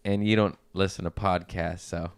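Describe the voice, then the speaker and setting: Brief: man, lowish voice, smooth and clear, crude animated storyteller, dry studio sound. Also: normal speed, no room sound. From Mexican-American family. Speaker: podcast guest. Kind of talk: casual podcast chat.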